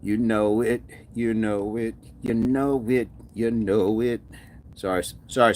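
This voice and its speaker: A man's voice: on the low side, fairly even intonation, measured pace, darkish tone. A man hosting a casual live stream, upbeat and laughing often as he reads out viewer comments. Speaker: fitness streamer.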